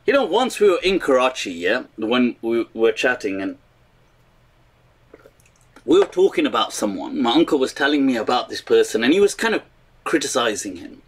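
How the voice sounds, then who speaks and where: A male commentator with a slightly husky voice and a lively, swooping pitch. He tells stories and mocks his subject, laughing often and dropping Urdu phrases into his English. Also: normal speed. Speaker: online commentator. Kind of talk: animated storytelling commentary.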